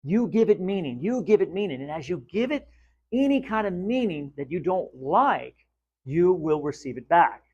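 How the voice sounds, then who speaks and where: A man's voice: sits high, big pitch swings, normal speed, a little mellow, husky, muffled recording. A man giving a spiritual teaching talk in an emphatic way, repeating key phrases and asking the listener questions.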